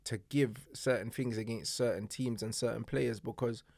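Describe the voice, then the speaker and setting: A man's voice: medium pitch, steady tone, normal speed, creaky, darkish tone, no room sound, studio quality. A man co-hosting a casual sports podcast, reasoning in a laid-back way with street slang. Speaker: podcast co-host.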